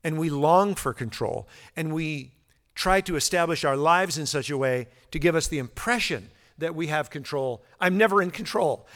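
A man's voice: on the high side, a bit bright. Man teaching scripture in a reverberant hall. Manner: conversational with fillers and repeated words. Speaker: Bible teacher. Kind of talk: verse-by-verse Bible teaching.

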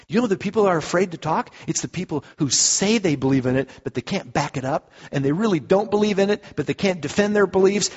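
A pastor preaches in a loose, conversational way, circling back and restarting as he explains. His voice is a touch husky and sits at a middle pitch. The sound is muffled and rings with a long church-hall reverb. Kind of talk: sermon.

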